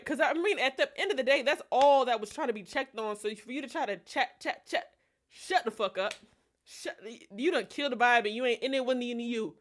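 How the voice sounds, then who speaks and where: A woman streamer telling a personal story in a casual, animated, profane and digressive way. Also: high-pitched, fairly quick.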